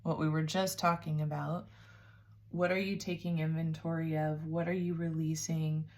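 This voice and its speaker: A woman giving a spiritual tarot reading, talking softly and warmly to the listener, calling them babes and sounding emotional and teary. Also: deep voice, little pitch movement, moderate pace. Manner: soft, nurturing, calls listener babes. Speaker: tarot reader.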